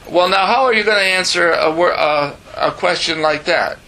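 A man's voice: sits high, normal speed, few pauses, pushed and bright, low-quality recording. A man in his seventies preaching a sermon, telling his own story earnestly with emphatic asides and bantering with the audience. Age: 70s. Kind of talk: sermon testimony.

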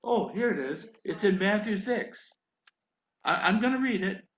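An older man preaching a sermon, telling a story in an animated way that rises to emphatic pleading. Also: high-pitched, normal speed, echoey room, highs cut off.

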